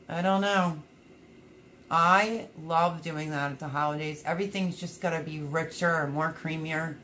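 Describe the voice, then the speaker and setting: A woman with a slightly low voice hosts a relaxed livestream, reading out viewer comments as they arrive. She talks in a chatty, upbeat, rambling way. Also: moderate pace, slight background noise. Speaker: livestream host.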